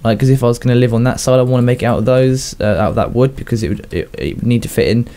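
A young man with a Southern English accent talks his way through a game in loose, rambling commentary. His voice is mellow and warm, sitting at an ordinary pitch, and he often chuckles at his own asides. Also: rapid-fire. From southern England. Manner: rambling, self-chatting, laughs at his own jokes. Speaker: gaming YouTuber. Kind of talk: casual Minecraft commentary.

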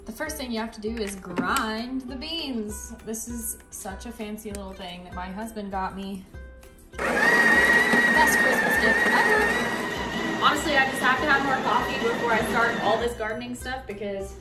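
A young woman from the United States, in her twenties, vlogs while gardening at home indoors and in the yard, bubbly, hyper and rambling. Loud music sits behind her fairly high voice, which keeps a moderate pace with few pauses.

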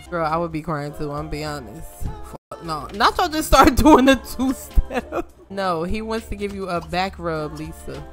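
Bright-voiced woman joking through a game. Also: mid-range voice. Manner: animated, joking, swears freely, scolds game characters. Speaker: gaming streamer. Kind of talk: casual let's-play commentary.

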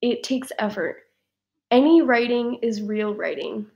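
A woman's voice: fairly high pitch, measured pace, darkish tone, dull audio. A woman vlogging an unboxing in a casual, emphatic way, repeating herself and laughing between words. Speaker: fan fiction writer and vlogger.

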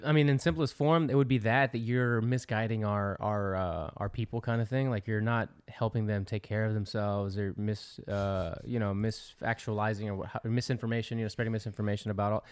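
A man co-hosting a podcast in casual chat, rambling and often restarting his sentences. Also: on the low side. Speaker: podcast co-host.

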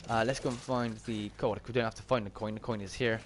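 A man's voice: lowish voice, steady tone, quick pace, a little hiss or hum. Chatty Bristolian man streaming a game. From Bristol, England. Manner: chatty, reads out and answers chat comments. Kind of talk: casual live-stream commentary while gaming.

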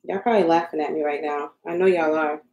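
A woman's voice: low-pitched, steady tone, fast, a little mellow, muffled recording. A young woman hosting a casual live stream, flustered and joking at her own expense as she crafts and talks to viewers in her home craft room. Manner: joking, self-mocking. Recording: roomy echo.

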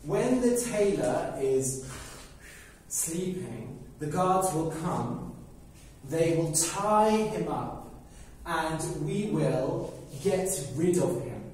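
A male teacher tells a story to learners at a crawling pace, breaking it into short, simple pieces and checking in after each one. His voice sits a little high for a man. The room rings with heavy echo and the mic is set well away from him, with a faint hum behind. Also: lively intonation, darkish tone. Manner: very slow and simple, checking with "okay?" after phrases. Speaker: English teacher telling a story. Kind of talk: slow storytelling for language learners. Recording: very echoey room, mic far off, faint background noise.

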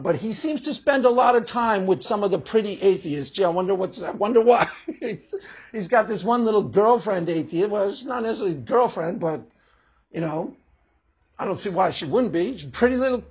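A man's voice: sits high, husky. A man vlogging in a profane, mocking rant, swearing heavily and laughing often. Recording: dull lo-fi recording.

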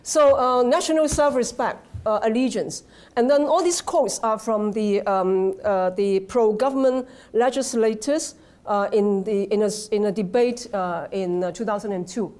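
A woman with a Hong Kong accent giving an academic lecture, halting with many fillers and restarts, often checking with the audience. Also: medium pitch, a little mellow. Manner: conversational, asks the audience "right?". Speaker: guest lecturer. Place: lecture hall.

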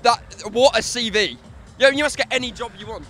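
A man's voice: very high voice, fairly bright tone, faint music behind. A young man presenting for student TV, upbeat and joking as he interviews people at an outdoor festival. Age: young adult. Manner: upbeat, joking, quick banter. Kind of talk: roving interviewer.

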